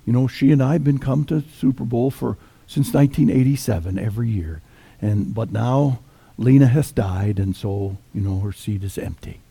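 A guy doing folksy old widower, blunt and matter-of-fact, dark husky tone. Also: medium pitch, moderate pace. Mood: wistful. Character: older widowed man at a football game, folksy and blunt.

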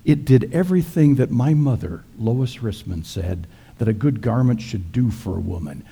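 A male pastor delivers a sermon full of folksy jokes. His voice is dark and mellow, with a gravelly, husky grain. He tells stories in a relaxed, wry way. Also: mid-range voice, moderate pace. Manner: folksy, joking.

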